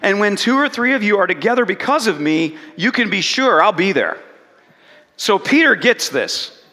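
A man with a high, bright voice preaching a sermon, acting out quoted lines as he tells the story. He keeps asking the congregation questions. His voice rings with the long reverb of a hall. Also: sing-song, normal speed. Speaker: pastor.

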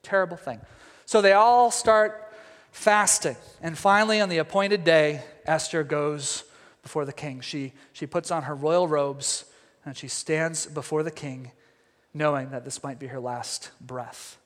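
A male pastor giving a sermon, retelling a story with lively, jokey asides. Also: on the high side, a little slow, big-room sound.

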